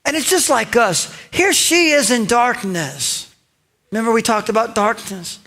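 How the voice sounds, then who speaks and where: A male pastor preaching a sermon in a lively storytelling way, acting out lines and talking directly to his congregation. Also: very high-pitched, measured pace. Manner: conversational asides to the congregation.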